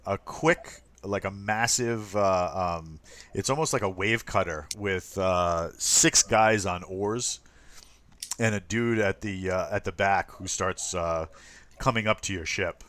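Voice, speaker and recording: A man narrating as game master of a tabletop game, halting with many ums and uhs. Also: deep voice, fairly bright tone.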